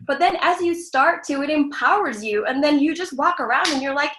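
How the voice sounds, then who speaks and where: A woman's voice: high voice, animated, normal speed, few pauses, a bit bright, reverberant, rough recording. A woman actress speaking as a guest, giving frank, earnest self-help advice in a casual, lightly profane way. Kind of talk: candid self-help talk.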